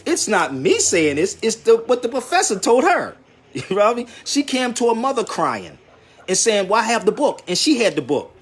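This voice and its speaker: Brief: man, high and very lively voice, insistent street debater, faint noise behind. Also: moderate pace, breathy edge. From Philadelphia, USA. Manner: animated, insistent, repeats "listen" and "bro". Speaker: traveling commentator and radio host.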